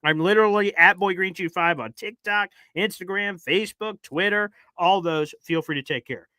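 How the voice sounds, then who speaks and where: A fast, chatty man hosting a live sports stream, his voice high and bright. The sound is dry and close. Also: no room sound. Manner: fast-talking, energetic, chatty. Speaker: podcast host. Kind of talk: casual live-stream chat.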